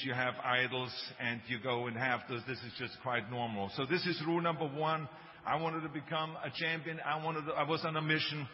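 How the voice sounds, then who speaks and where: A man in his sixties with a German accent, giving a motivational speech with emphatic storytelling and joking asides. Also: a little high. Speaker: speaker. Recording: dull, reverberant hall recording with faint noise.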